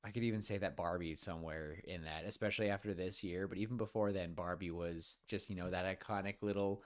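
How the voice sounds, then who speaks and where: A man's voice: low voice, steady tone, quick pace. A man co-hosting a podcast in casual chat, rambling and laughing often. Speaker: podcast co-host.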